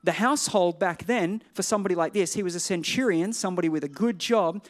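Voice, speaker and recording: High-voiced male pastor preaching conversationally. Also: quick pace. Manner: conversational, digressive, self-deprecating asides. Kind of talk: sermon.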